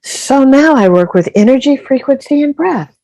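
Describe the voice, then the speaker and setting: A woman's voice: high voice, lively intonation, moderate pace, dark tone, no room sound. An older woman, a podcast guest, telling her story with emphatic, repeated phrases. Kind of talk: casual interview storytelling.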